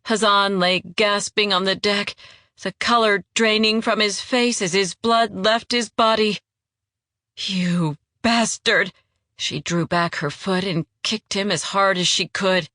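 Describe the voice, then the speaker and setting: Here a woman narrates an audiobook from a script, keeping an even, measured storytelling rhythm at medium pitch. The recording is dry, with clean studio sound.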